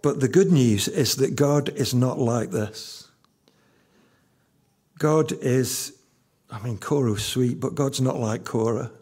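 A man's voice: mid-range voice, slow, long pauses, a little mellow, slightly rough. A man in his fifties preaching a sermon as pastor, emphatic and repeating key lines for weight.

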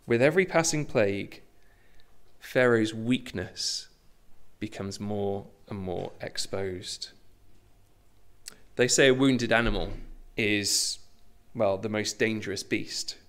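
A middle-aged man preaching a sermon, conversational and animated, with asides and self-deprecating humour. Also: fairly low pitch. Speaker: pastor.

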